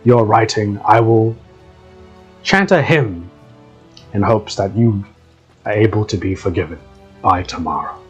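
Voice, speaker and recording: A stern, zealous orc warden delivers slow, solemn threats, as a man plays him. His speech is unhurried and heavy, and the voice is husky, with faint music playing behind it. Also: on the low side, lively intonation, muffled recording, exaggerated voice.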